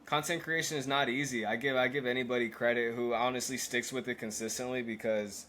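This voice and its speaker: A man's voice: medium pitch, steady tone, brisk, bright, forceful tone. A man speaking as a podcast guest in casual chat, hesitant with many fillers and restarts.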